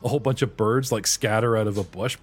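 A man's voice: fairly low pitch, fairly even intonation, fast talker, husky. A middle-aged man from the United States running a tabletop game as game master, joking and laughing often.

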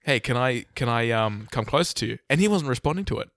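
Fast-talking Australian guy, bright voice. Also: mid-range voice, no room sound. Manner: fast, swearing, animated anecdote telling. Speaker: podcast guest. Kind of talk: casual storytelling chat.

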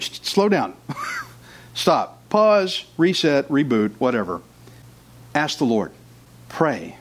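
A man's voice: medium pitch, very animated, takes it slowly, pauses often. A man preaching a sermon with fervor, who acts out his listeners' doubts in short quotes.

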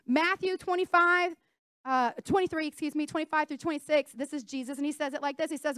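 High-voiced woman preaching with emphasis. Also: fast, a bit bright, no room sound, clean studio sound. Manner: emphatic, call-and-response, questions to the congregation. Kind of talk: sermon.

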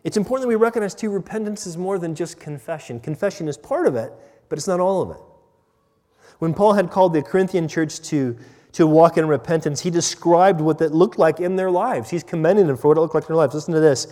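A man preaching a sermon as pastor, earnest, dropping to a quiet hush on key points. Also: a little high, quick pace. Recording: long hall reverb.

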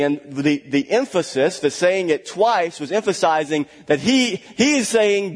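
The pastor's fairly high voice has lively intonation, and he speaks unhurriedly with hardly any pauses, a long reverb tail trailing behind. His sermon is emphatic, with key words repeated and chatty asides punctuated by small laughs.

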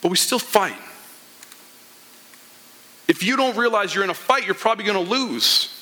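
A man's voice: sits high, animated, normal speed, pushed and bright. A man preaching a sermon as a pastor, retelling a parable and acting out the characters' lines. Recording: long hall reverb.

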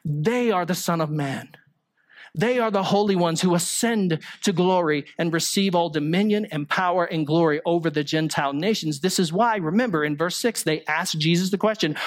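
A man's voice: on the high side, normal speed. A male pastor delivering a sermon, explaining scripture through rhetorical questions and the occasional small joke.

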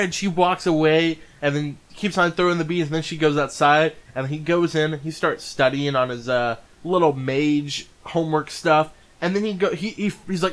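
A man's voice: fairly high pitch, moderate pace, a bit bright. Enthusiastic rambling man reviewing anime. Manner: enthusiastic, rambling, frequent restarts. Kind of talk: casual video review.

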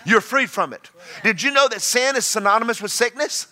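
Bright-voiced preacher, folksy and forceful. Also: male voice, very high voice, lively intonation, brisk. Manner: folksy and joking, shifting between loud exhortation and quiet storytelling. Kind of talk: sermon.

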